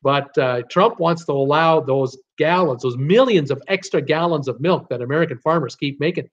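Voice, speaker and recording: A man's voice: on the high side, normal speed. Middle-aged canadian guy running a live trivia stream, chatty and exasperated, kinda dull lo-fi audio. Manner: animated, exasperated, chuckling asides to viewers. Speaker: host of a live trivia show. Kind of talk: casual live-stream chat. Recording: slightly dull lo-fi sound.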